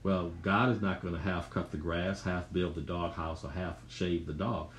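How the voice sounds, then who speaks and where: A very deep-voiced man preaching a sermon in an echoing room. He repeats phrases emphatically and climbs higher when stressing a point. Faint ambient noise hangs behind him. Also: level tone, normal speed.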